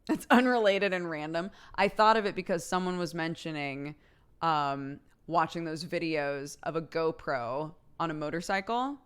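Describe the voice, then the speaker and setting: A woman's voice: sits low, normal speed, smooth. A young woman streamer chatting casually late at night with her viewers, laughing often and reading chat aloud.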